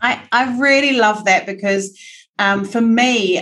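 A woman with a New Zealand accent hosting a casual podcast interview, bubbly and quick to laugh. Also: on the high side, fairly bright tone. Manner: chatty and bubbly, laughs often. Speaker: podcast host.

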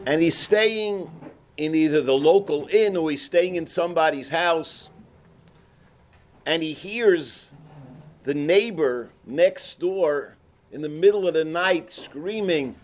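Animated high-voiced man giving a sermon. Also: slow. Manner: animated storyteller, acts out characters, cries out. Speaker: rabbi. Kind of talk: sermon with storytelling.

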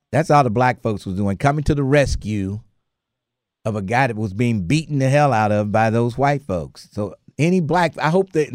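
A man hosting a talk radio show, telling stories in a lively, chatty way and laughing often. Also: medium pitch, no room sound, clean studio sound. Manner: animated storyteller, laughs often. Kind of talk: casual talk radio chat.

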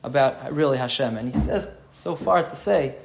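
A man's voice: mid-range voice, lively intonation, moderate pace, gravelly. A man giving an explanatory Torah class, thinking aloud and repeating key phrases as he explains. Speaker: Torah teacher.

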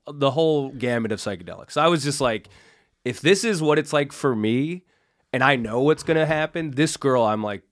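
A man's voice: mid-range voice, dry recording, clean studio sound. Rambling, swearing comedian man. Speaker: comedian guest. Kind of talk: casual podcast storytelling.

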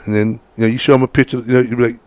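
A man's voice: mid-range voice, flat delivery, rapid-fire, darkish tone, dry recording. A man, casually telling folksy outdoor stories as a guide and acting out the voices of the people in them. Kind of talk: casual storytelling chat.

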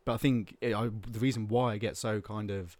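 A man's voice: lowish voice, fairly even intonation, a little fast, darkish tone, dry recording. A man, a podcast guest talking candidly and rambling, with plenty of filler words. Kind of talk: casual chat.

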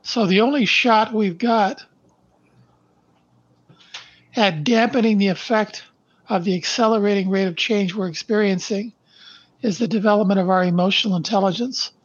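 Older man, slow and emphatic, dull lo-fi audio. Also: sits high, dry recording. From Canada. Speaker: podcast guest. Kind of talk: interview, reading his life story aloud.

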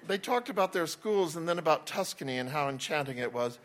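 A man's voice: on the high side, expressive, fairly quick, background noise. A man reading a first-person novel aloud in a wry voice, with small slips and restarts. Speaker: narrator.

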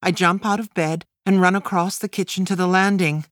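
A woman narrating a first-person memoir as an audiobook, in a measured, plain storytelling manner. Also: fairly low pitch, steady tone, no room sound, studio quality.

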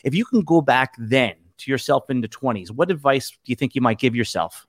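A man's voice: medium pitch, lively intonation, fairly quick. Man hosting a casual interview. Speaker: podcast host, interviewer.

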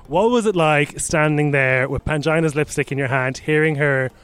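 Male podcast host, fairly high voice, casual, quick agreeing listener. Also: fairly bright tone. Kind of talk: casual interview chat.

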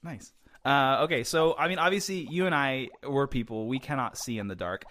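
A man's voice: medium pitch, brisk, sharp tone. A young man co-hosting a casual science chat for kids, playful and explaining things with jokes. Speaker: co-host.

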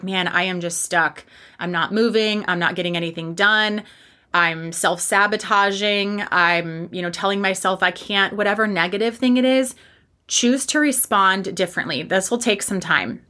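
Woman, solo fitness podcast host: candid, casually profane, emphatic, with a bright, forceful tone. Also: mid-range voice.

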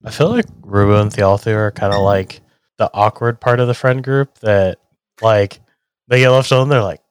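A man's voice: on the low side, moderate pace, clear, resonant tone, no room sound, studio quality. A man playing in a tabletop game, chatting casually with lots of fillers. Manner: casual, rambling, filler-heavy. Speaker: player.

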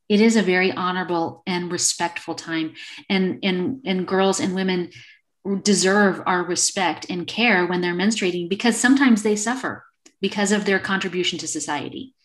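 A woman's voice: lowish voice, steady tone, moderate pace. Earnest middle-aged woman, podcast guest. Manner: earnest, acts out little quoted exchanges. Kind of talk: casual interview talk.

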